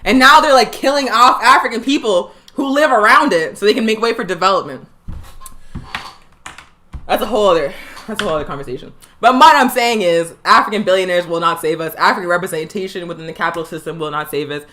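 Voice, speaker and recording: A woman hosting a live political education show, speaking with fiery emphasis and slowing down to hammer home her points. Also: mid-range voice, sharp tone. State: tired. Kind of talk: impassioned political commentary. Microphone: livestream.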